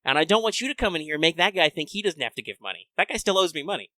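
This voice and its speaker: A man with a fairly high, bright, lively voice talks quickly on a podcast. He jokes and rants with a lot of swearing, and his voice sounds close and dry. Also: no room sound. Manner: animated, profane, joking rants. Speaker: podcast co-host. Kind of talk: casual gaming podcast chat.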